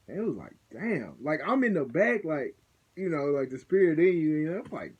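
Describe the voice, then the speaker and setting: A man's voice: on the high side, a little fast, lo-fi sound. A young man casually recounting a personal experience, loose and conversational, often checking in with the listener. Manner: loose and conversational, peppered with "you know what I'm saying". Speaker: vlogger recounting a ceremony. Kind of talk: casual storytelling.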